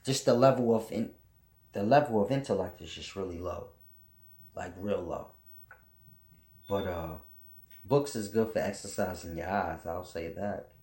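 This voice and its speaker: A man's voice: deep voice, measured pace, long pauses, a little mellow, roomy sound. A man hosting his own channel, delivering a casual, preachy monologue full of blunt, profane rants. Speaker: channel host teaching spiritual ideas.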